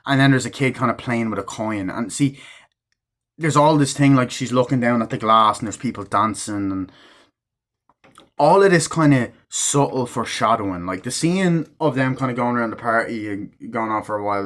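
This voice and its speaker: A man giving a casual, rambling movie review, full of fillers and the odd swear, acting out characters' lines in quick snippets. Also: mid-range voice, a bit bright.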